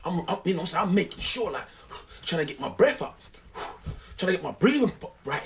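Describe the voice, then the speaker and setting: A young man telling a story to camera in an animated, slangy, repetitive way. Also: high-pitched, moderate pace, creaky, slight background noise. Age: young adult. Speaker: vlogger.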